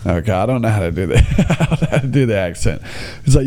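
A young man tells a funny story in a casual, rambling way. He stumbles over fillers and restarts, and his pitch swings widely. His voice has a mellow, warm tone. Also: sing-song, fast talker.

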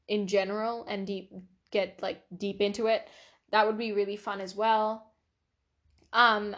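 A woman's voice: medium pitch, a bit bright. A young woman hosting her own podcast, chatting casually and rambling with lots of fillers and giggles. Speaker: podcast host. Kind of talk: casual solo podcast chat.

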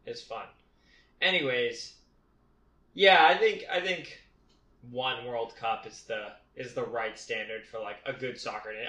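A young man chats on a podcast with a bright, forceful tone, sure of his opinions and playfully cocky. The sound is roomy, with echo off the walls. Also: medium pitch. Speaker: podcast host. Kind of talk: casual podcast chat.

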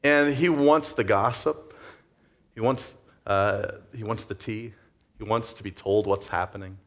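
A man's voice: fairly low pitch, a little slow. A man preaching a sermon in a conversational way, acting out the story's scenes. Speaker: pastor.

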